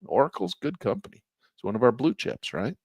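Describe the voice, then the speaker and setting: A man's voice: medium pitch, very animated, a little fast, creaky, a little mellow, breathy edge, dry recording, clean studio sound. Folksy man teaching stock chart trading. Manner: casual, folksy, talks while pointing at charts. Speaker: trading instructor. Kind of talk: live online trading class.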